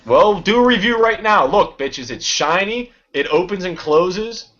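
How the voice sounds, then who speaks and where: A man's voice: sits high, animated, measured pace, fairly bright tone. A man, chatting casually with friends on camera, swearing a lot, rambling and laughing often. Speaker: channel host. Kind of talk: casual chat among friends. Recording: dull lo-fi recording with faint noise.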